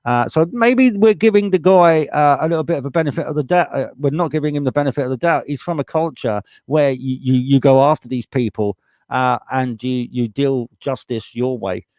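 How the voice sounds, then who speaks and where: A man's voice: medium pitch, brisk, a little mellow, no echo, clean studio sound. A man with a British accent hosting a live stream, reading out viewer comments in a casual, blunt way and swearing freely as he gets heated. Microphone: desktop USB microphone.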